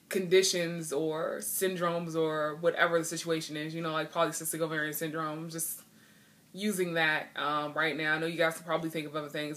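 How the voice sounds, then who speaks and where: In a deep, somewhat bright voice, a woman vlogs with earnest frankness. She's a bit emotional and frustrated as she delivers this heartfelt talk.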